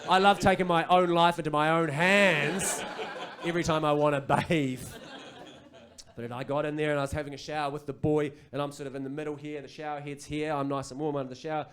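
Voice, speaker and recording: Kiwi stand-up comic, thirties, animated storyteller, slightly high voice, live club mic. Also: male voice, fairly quick. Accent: New Zealand. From New Zealand. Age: 30s. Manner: animated, acts out kids and parents. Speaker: stand-up comedian. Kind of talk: stand-up comedy set. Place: comedy club stage.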